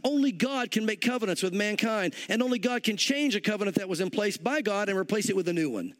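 A pastor preaching a verse-by-verse sermon, telling the story in a conversational way and often saying "you know". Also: male voice, high-pitched, lively intonation, fast talker.

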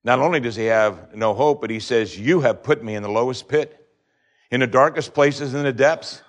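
At a normal speed, a preacher reads scripture during his sermon. His delivery alternates between hushed, quiet passages and loud questions full of pleading.

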